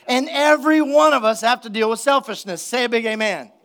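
A male pastor preaching a sermon in a church, energetic and conversational, calling out for the congregation to respond. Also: very high-pitched, fast. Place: church sanctuary.

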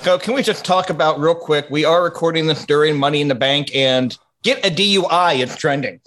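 A man's voice: a little high, brisk, fairly bright tone. A man hosting a podcast, leading casual chat with teasing, profane banter. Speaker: podcast host.

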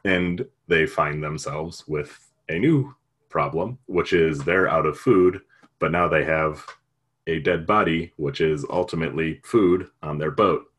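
A man's voice: very deep voice, unhurried, fairly bright tone, breathy edge. A man retelling a story in casual chat, rambling and jokey, with lots of fillers.

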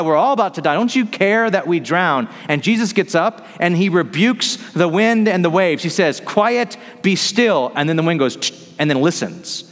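A man preaching a sermon, retelling a scripture story in animated fashion and acting out the characters' lines. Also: on the high side, in a large hall. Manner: animated storytelling, acts out dialogue. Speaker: pastor.

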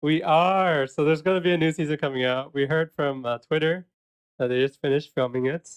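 A man co-hosting a relaxed podcast, his voice sitting a little high for a man. He chats casually, laughs easily and often, and fills gaps with "um" and "uh". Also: a little fast, smooth. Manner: chatty, laughs often, many fillers. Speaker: podcast co-host.

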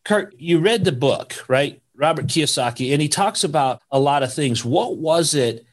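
Upbeat male podcast host, fairly high voice. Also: lively intonation, moderate pace. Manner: upbeat, leans on "right?" tags. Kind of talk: casual podcast interview.

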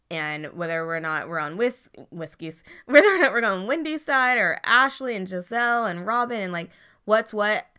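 Lowish-voiced chatty woman podcaster. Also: smooth. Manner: animated, talkative, restarts often. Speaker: podcast co-host. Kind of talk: casual chat about reality TV.

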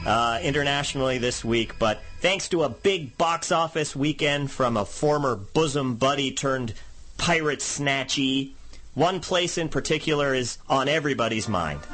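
A man's voice: medium pitch, moderate pace, fairly bright tone, faint music behind. A man from Canada co-hosting a comedy podcast with dry, jokey banter. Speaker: co-host, comedian and lawyer.

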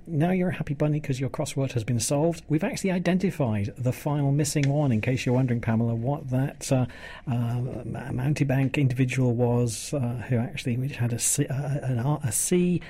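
A man's voice: mid-range voice, fairly quick, mellow, husky. A man presenting a live radio show, chatting and joking with guests in the studio. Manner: chatty, jokey, rambling.

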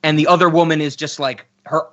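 A bright, fairly high-voiced man co-hosting a relaxed film podcast and laughing easily between points. The recording is a touch dull in the top end. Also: quick pace. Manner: relaxed, laughs while talking. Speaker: podcast co-host. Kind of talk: casual film discussion.

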